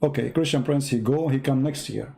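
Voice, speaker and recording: A man's voice: medium pitch, fairly quick, gravelly, very noisy. A man with an Arabic accent, a native Arabic speaker, giving sarcastic religious commentary in broken English. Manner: sarcastic, broken grammar, repetitive counting. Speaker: host.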